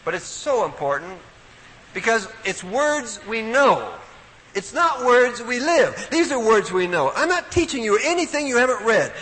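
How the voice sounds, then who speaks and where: An older man giving a folksy, emphatic Bible talk as a preacher, swinging from loud emphasis to quiet asides. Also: very high voice, measured pace. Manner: animated, folksy, emphatic with sudden drops to quiet. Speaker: preacher at a Bible study week. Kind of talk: sermon-style Bible talk. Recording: hall reverb with faint noise.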